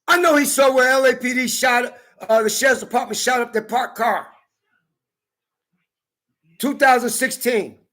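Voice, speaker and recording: Angry vlogger, male, very high sharp voice, profane ranting with frequent shouting. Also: unhurried, pauses often. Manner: heated, profane, often shouting. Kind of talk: angry rant to camera. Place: California.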